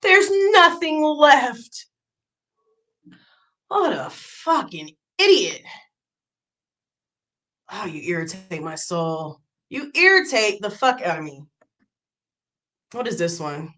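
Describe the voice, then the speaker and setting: A woman's voice: medium pitch, big pitch swings, slow pace, pauses often, pushed and bright, low-quality recording. A woman live streamer in a profane, mocking rant, reacting to clips and messages. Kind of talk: ranting commentary.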